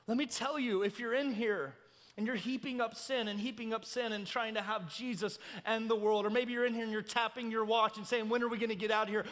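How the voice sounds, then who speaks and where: A man preaching a sermon in a large church, telling a story dramatically and swinging from loud cries to hushed passages. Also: sits high, fairly even intonation, brisk, long reverb tail.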